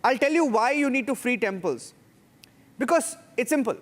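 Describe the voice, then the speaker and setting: A man anchoring a televised panel debate, forcefully cutting in to take the floor. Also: extremely high pitch, expressive, moderate pace.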